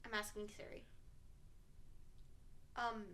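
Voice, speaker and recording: A woman's voice: medium pitch, monotone, bright, forceful tone, a little hiss or hum. A young adult woman co-hosting a podcast, chatting casually and teasing in a playful, joking way. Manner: playful, joking, quick to tease. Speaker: podcast co-host. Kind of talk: casual chat.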